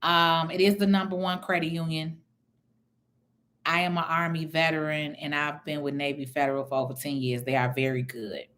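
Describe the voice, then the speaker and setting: Blunt, bright-voiced woman chatting on a livestream. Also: low-pitched, moderate pace. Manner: blunt, profane, animated talk. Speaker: real estate investor hosting a livestream. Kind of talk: casual livestream chat, reading viewer comments.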